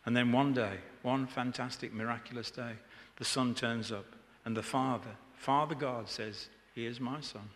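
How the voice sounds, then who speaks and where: Guy preaching in a church, gravelly bright voice, chatty and jokey, echoey hall. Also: medium pitch, fairly even intonation, moderate pace, hardly any pauses. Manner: chatty, joking with the congregation. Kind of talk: informal sermon.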